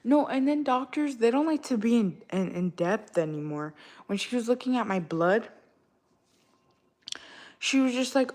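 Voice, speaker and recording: A woman's voice: a little high, expressive, moderate pace, pauses often, darkish tone. Young woman ranting casually to her chat. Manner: ranting, slang-heavy, exasperated. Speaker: livestreamer talking to chat.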